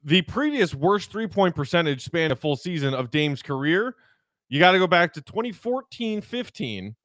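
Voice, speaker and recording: Lively man talking basketball stats. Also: sits high, no room sound. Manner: animated, asks questions, rattles off stats. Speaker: podcast host. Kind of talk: casual sports podcast chat.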